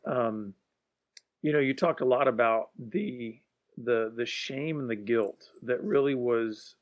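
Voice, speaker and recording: A man's voice: mid-range voice, slow pace. A man hosting an interview, asking long, thoughtful questions with frequent hesitations and restarts. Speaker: interviewer host.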